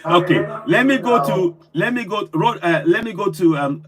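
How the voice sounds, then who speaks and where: A man's voice: sits high, lively intonation, moderate pace, a loud crowd. A man hosting a live call-in stream, effusive and full of repeated thanks. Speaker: host.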